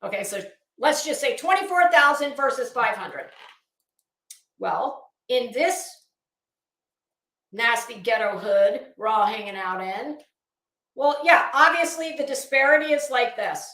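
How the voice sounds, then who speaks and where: A middle-aged woman vents in a casual, profane commentary, her tone sharp with sarcasm. Her voice is bright and sits a little high. The room adds a noticeable echo to every line. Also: animated, a little slow, long pauses. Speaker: YouTube commentator. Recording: roomy echo.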